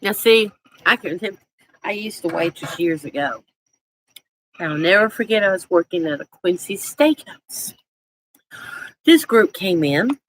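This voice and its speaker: A woman's voice: lowish voice, slight background noise, low-quality recording. A woman with a Southern US accent hosting a casual live stream, reading viewer comments in a chatty, folksy way and laughing often.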